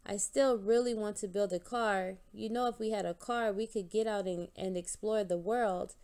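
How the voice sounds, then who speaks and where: A woman's voice: mid-range voice, fairly even intonation, moderate pace, a little mellow, smooth, lightly acted. A woman voicing an eager, inventive young male mouse from a storybook who pleads for his wild ideas.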